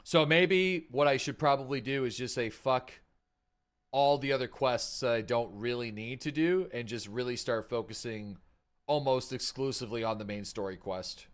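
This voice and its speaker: A man chatting casually while he streams a game, mid-pitched and unhurried. He thinks out loud, trailing off and circling back with lots of fillers. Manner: rambling, thinking aloud with many fillers. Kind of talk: casual live-stream gameplay chat.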